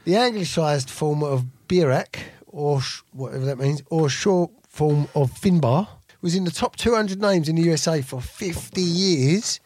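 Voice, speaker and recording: A man's voice: a little high, moderate pace, few pauses, darkish tone, dry recording. A man co-hosting a podcast in casual chat, telling stories in a mocking, sweary way. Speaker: podcast co-host.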